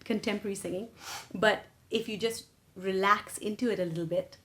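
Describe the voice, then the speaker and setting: A woman's voice: mid-range voice, fairly even intonation, fast. A woman singing teacher giving a vocal lesson, explaining and checking in with "right?" and "okay?". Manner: explains, then sings short phrases to demonstrate. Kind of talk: vocal lesson with sung demonstrations.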